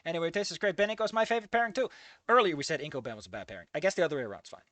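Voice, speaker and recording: A man's voice: a little high, animated, very fast, a bit bright, no echo. A man giving a profane, exasperated running commentary while reading a fanfic. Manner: profane, exasperated, swearing often. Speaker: fanfiction reviewer.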